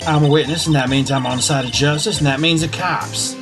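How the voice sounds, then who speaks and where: A woman's voice: low-pitched, fairly even intonation, a little fast, lightly acted. A woman putting on a sassy Southern gal with a drawl. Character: brash young Southern woman photographer. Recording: game music behind.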